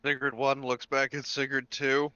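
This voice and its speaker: A man's voice: medium pitch, completely flat delivery, moderate pace, pushed and bright, clean tone, dry recording, highs cut off. A man playing a tabletop role-playing game, joking with the table in wry, playful banter. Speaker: player. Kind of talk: casual tabletop game play.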